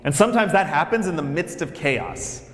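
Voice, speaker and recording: A man working as a campus minister gives a lively, conversational speech to new students, telling stories and speaking directly to the audience. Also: on the high side, moderate pace. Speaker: campus minister for faith and justice. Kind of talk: speech to incoming freshmen at orientation. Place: large hall. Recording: echoey hall with long reverb.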